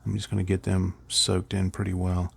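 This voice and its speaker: A man's voice: sits low, monotone, moderate pace, creaky, slightly rough. A middle-aged man casually rambling through a miniature painting tutorial, chuckling at his own slips.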